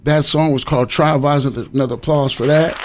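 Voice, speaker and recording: Middle-aged male live-podcast host, upbeat and hyped, a touch higher than most men. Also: fairly even intonation, fairly quick, crowd noise, background noise. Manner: upbeat hype, shouting out viewers by name. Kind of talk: casual live-stream chat.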